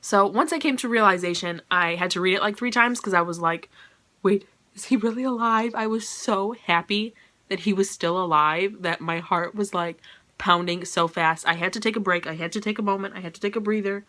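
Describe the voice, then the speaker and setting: A woman's voice: lowish voice, fairly even intonation, brisk, sharp tone. A woman giving a casual, chatty book review, gushing and scattered with "like" and "you know".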